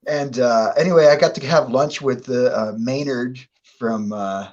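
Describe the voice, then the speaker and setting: Halting man, dull muffled sound. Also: mid-range voice, darkish tone. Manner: halting, restarts sentences. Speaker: podcast guest. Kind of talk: casual chat.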